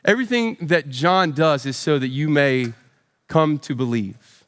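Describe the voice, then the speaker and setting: A man in his forties, a pastor preaching a storytelling sermon with self-deprecating humor and animated voices for quotes. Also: fairly high pitch, unhurried, in a large hall. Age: 40s.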